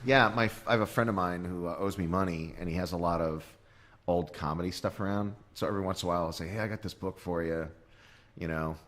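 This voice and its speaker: A man's voice: sits low, quick pace, a bit bright. A man guest comedian in a casual podcast chat, telling crude jokes in a loose, chuckling way.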